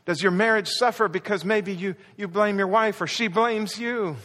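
A man's voice: sits high, normal speed, bright, forceful tone. A male pastor preaching a sermon with passion, acting out the quoted words with rising intensity. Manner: impassioned, acts out quoted lines with rising intensity. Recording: long hall reverb.

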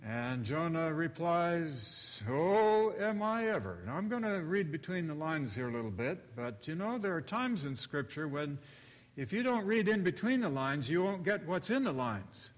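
A male pastor preaching a sermon, telling the story slowly and deliberately and acting out the quotes. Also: fairly high pitch, sing-song. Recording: long reverb of a large hall.

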